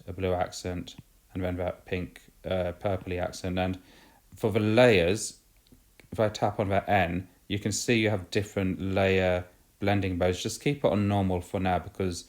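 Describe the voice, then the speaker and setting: A man walking through a digital drawing app step by step, with casual fillers and quick self-corrections. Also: low-pitched, a little mellow. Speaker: video tutorial host. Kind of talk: screen-recorded software tutorial.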